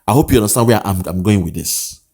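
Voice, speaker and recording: An online commentator with a Nigerian accent gives a political monologue, hammering his points home repetitively like a preacher and switching into pidgin. His voice is fairly low, warm and slightly rough, expressive and quick.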